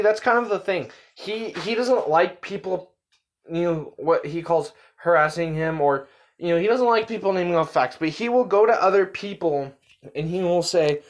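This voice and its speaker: A man giving casual reaction commentary, rambling with fillers and repeating himself. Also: high voice. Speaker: reaction video host.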